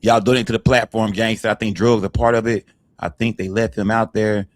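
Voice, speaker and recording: A man hosting a livestream, giving shout-outs to viewers and hyping up his chat. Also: on the low side, flat delivery, brisk. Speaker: livestream host.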